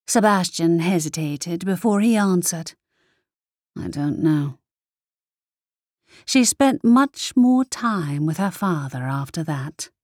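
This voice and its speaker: A woman reading a fantasy novel aloud in a measured, deliberate way. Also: fairly low pitch, lively intonation, a little mellow, dry recording, studio quality. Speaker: audiobook narrator. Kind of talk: scripted fantasy narration.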